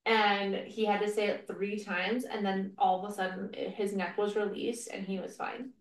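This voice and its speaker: Brief: middle-aged woman, casual podcast co-host, rambling storyteller, mid pitch, recorded in a roomy space a little away from the mic. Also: level tone, normal speed, distant mic. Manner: chatty, many "like" fillers, storytelling. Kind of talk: casual chat.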